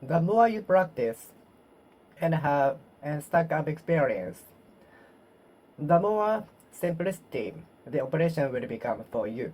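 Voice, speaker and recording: A woman whose first language is Japanese, speaking English to herself in a slow self-study monologue, repeating words and correcting her phrasing. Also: low voice, very animated, darkish tone. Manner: slow, repetitive, self-correcting practice speech. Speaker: vlogger practicing English.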